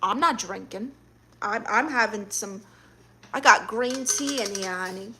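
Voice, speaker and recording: A woman's voice: medium pitch, measured pace, sharp tone, a little hiss or hum. A woman hosting a casual livestream, reading viewer comments aloud and answering them in a sassy way that keeps calling people honey. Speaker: livestream host.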